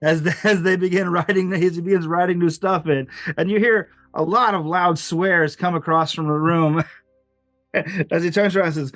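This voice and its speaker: A man narrating as game master of a tabletop game, lively and chuckling, with many fillers. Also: sits high, normal speed, no echo, soft background music.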